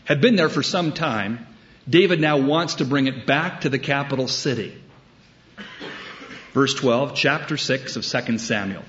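Man, pastor, sermon, unhurried, wry storytelling, muffled lo-fi sound. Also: mid-range voice, a bit bright. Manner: storytelling, wry humor, deliberate emphasis.

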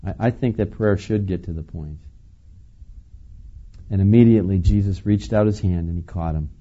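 A man preaching a sermon in a relaxed, conversational way, chuckling now and then and asking the listeners questions. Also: low-pitched, moderate pace, dull audio. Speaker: pastor.

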